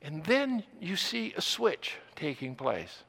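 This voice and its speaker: Older male preacher, gravelly and bright, deliberate repetition, long hall reverb. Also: a little high, sing-song. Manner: slow, deliberate, repeating phrases for emphasis. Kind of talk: sermon.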